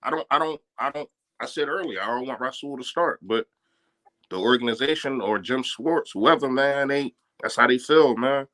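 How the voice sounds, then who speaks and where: A man's voice: mid-range voice, moderate pace, fairly bright tone. A man co-hosting a casual fan sports stream, talking emphatically and often repeating himself.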